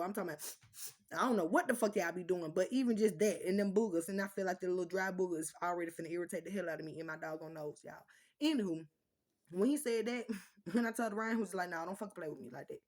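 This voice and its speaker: A woman's voice: on the low side, fast talker. Blunt, cussing woman ranting to viewers. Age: adult with children. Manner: blunt, profane, animated storytelling. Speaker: vlogger. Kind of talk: casual chat to viewers.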